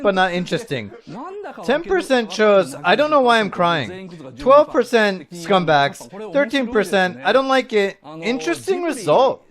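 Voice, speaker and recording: Male lecturer, high-pitched voice, chatty tone, quizzes his viewers. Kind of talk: dubbed online lecture.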